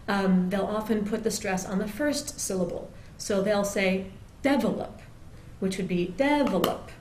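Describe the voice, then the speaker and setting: A woman's voice: medium pitch, darkish tone, slight background noise. Echoey woman teaching word stress. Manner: demonstrates words slowly and drawn out; explanatory, with frequent "um" fillers. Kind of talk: pronunciation lesson.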